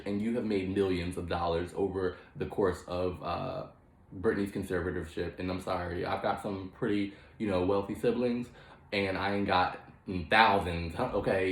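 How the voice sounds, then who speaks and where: Low-voiced man ranting in a roomy echo. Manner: profane and emphatic, peppered with "child" and "okay". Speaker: host. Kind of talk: comedic mock courtroom commentary.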